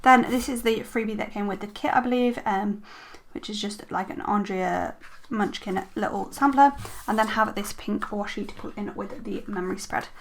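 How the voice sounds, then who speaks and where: A young woman talks casually at her desk at home, her voice sitting at a middle pitch. She chats along as a vlogger, filling pauses with ums and correcting herself as she goes. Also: a little hiss or hum. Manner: chatty, frequent ums, self-correcting. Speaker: planner vlogger. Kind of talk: casual show-and-tell chat.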